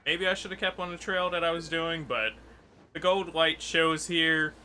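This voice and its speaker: A man's voice: a little high, steady tone, moderate pace, sharp tone, a little hiss or hum. A man hosting a gaming channel, chatting through gameplay with wry jokes about the characters. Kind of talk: casual gameplay commentary.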